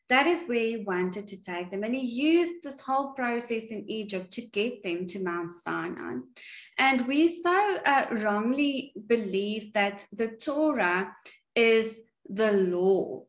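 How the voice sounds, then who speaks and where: A woman teaching a Bible study at home in an earnest, unhurried way with some fillers. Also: fairly high pitch. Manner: slow, earnest, with frequent fillers. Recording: echoey room.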